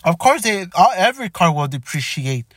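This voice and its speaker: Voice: mid-range voice, very animated, brisk, breathy edge, dry recording, clean studio sound. A car vlogger ranting in exasperation, often stumbling, restarting sentences and repeating "come on.". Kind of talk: opinion rant to camera.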